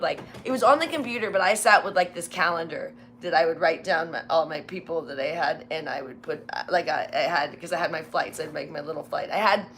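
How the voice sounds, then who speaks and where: A woman's voice: fairly low pitch, a bit bright, a little hiss or hum. A middle-aged woman, once a military flight scheduler, telling a rambling story full of "like"s and acted-out quotes. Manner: rambling, many "like"s, acts out quotes. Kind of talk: casual storytelling chat.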